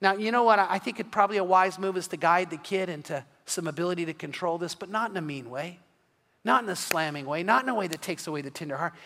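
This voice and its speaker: A man's voice: high voice, quick pace, in a large hall, noisy background. A middle-aged man preaching an evening sermon as pastor, earnest and often repeating words as he starts a phrase.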